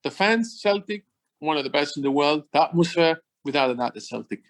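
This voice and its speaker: A man's voice: on the high side, animated, brisk. A middle-aged man, chatting as an interview guest, enthusiastic and repeating words as he goes. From Switzerland. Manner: enthusiastic, repeats words, non-native phrasing. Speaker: former footballer guest. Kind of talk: casual interview chat.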